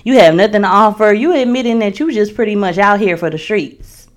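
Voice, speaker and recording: A woman co-hosting a casual chat show, telling stories with frequent laughs and animated retelling. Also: medium pitch, a little fast. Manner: giggly storyteller, animated retelling. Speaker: podcast co-host.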